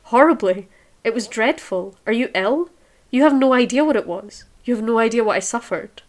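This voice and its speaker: A woman's voice: medium pitch, little pitch movement, moderate pace, close to an everyday voice. A woman reading aloud as a young man, besotted and then scornful, in a declamatory way.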